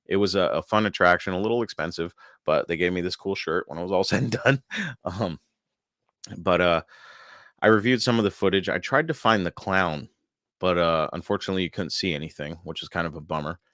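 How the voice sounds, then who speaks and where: Low-voiced man telling stories, swearing and laughing. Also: brisk, a bit bright, no echo, clean studio sound. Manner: loose and profane, laughing often at his own stories. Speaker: podcast host. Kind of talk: casual solo podcast storytelling.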